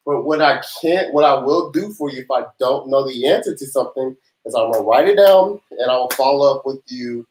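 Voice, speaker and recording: A man who grew up in the South, hosting a casual live-stream Q&A as a tax professional, chatty and joking with loose laughter. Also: mid-range voice. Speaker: tax professional livestream host. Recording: roomy echo.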